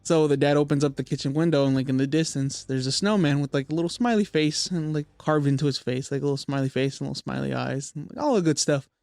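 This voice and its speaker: A man's voice: fairly high pitch, fairly even intonation, quick pace, vocal fry, hardly any pauses, a little mellow, no room sound. A young man hosting a podcast, casually retelling a spooky story with lots of fillers and swearing. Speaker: podcast host.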